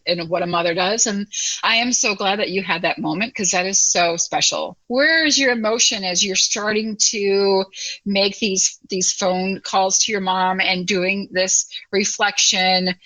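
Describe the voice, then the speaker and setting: Bright-voiced motherly woman host. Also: medium pitch, rough recording. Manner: warm, motherly, encouraging. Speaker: podcast host. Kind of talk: casual chat.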